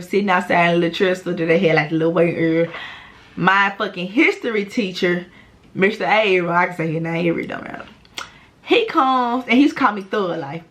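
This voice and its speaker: Young woman vlogging a storytime, cussing a lot, super animated, slangy. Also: fairly low pitch. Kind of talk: casual storytime vlog.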